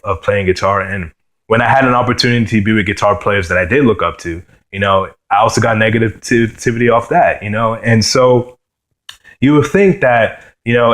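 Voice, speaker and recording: A young man from New York sharing his personal testimony as a guitarist, earnest and halting, often saying "you know" and "man.". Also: lowish voice, fairly bright tone. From New York, USA.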